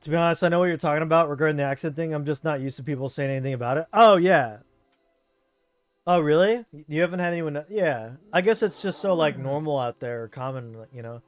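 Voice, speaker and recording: This is a man with a Southern Californian accent, chatting easily while he streams a game. His voice sits a touch high, and he talks in loose, rambling runs full of fillers. The sound is dry and close, with music playing faintly behind. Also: fast talker, no room sound. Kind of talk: casual chat while gaming.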